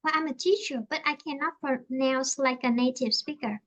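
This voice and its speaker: A woman with a Vietnamese accent teaches English in a relaxed lesson chat. Her voice sits high and sounds bright. She hesitates often and fills the gaps while she searches for the right words. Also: moderate pace. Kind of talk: online English lesson conversation.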